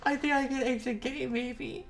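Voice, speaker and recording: A woman's voice: sits high, fairly even intonation, moderate pace, creaky. A woman streamer giving casual commentary while playing a game, laughing often and swearing when surprised.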